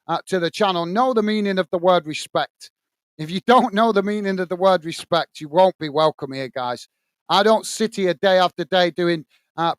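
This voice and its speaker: A man from England hosts a live football watch-along, talking straight to his viewers. He is blunt and firm with troublemakers and plain when he calls the play. His voice sits high and comes through smooth and clear, with a dry, close sound. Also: dry recording. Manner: blunt, irritated ranting at a commenter; calm play-by-play description. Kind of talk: live match commentary and chat with viewers.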